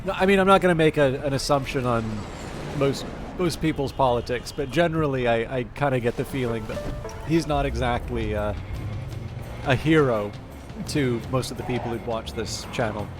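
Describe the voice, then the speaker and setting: A man chats loosely during a live game stream, circling his thoughts with fillers and false starts at a middling pitch. Game music plays clearly behind him throughout. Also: moderate pace. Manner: rambling, hesitant, many fillers and restarts. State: mouth full of food. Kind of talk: casual live-stream chat.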